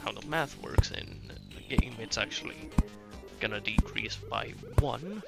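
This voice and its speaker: A man's voice: mid-range voice, expressive, unhurried, vocal fry. A man giving casual, rambling gameplay commentary as a video host, explaining things step by step. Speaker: gaming YouTuber. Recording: loud background game music.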